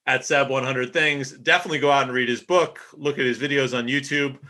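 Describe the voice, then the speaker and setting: A man hosting a podcast, chatting with a guest and giving an energetic sign-off. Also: medium pitch, brisk. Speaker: podcast host. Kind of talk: podcast interview chat.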